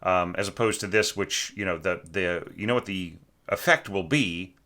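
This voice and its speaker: A man's voice: sits low, moderate pace, sharp tone. A man teaching orchestration, talking through a student's score in a loose, conversational way, often restarting sentences and singing phrases aloud. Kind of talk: informal score critique.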